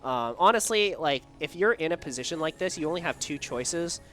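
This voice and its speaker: A man casting a live esports match, excitable and jokey, laughing often between quick calls of the play. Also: fairly high pitch. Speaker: esports caster.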